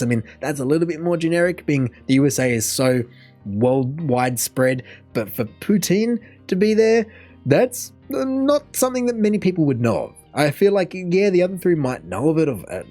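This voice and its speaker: A man's voice: mid-range voice, a little mellow. Chatty Australian man reacting to a video. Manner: chatty, thinks aloud, laughs often. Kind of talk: casual commentary over a video.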